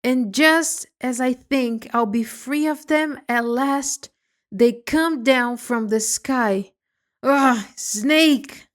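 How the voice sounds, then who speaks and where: A woman voicing a shrill, angry mother pigeon guarding her eggs in a storybook reading, with a screechy, accusing voice. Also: takes it slowly.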